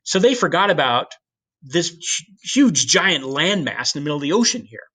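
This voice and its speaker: A man giving a history lecture in an animated storytelling way, with casual asides to the class. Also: on the high side, moderate pace. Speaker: history teacher.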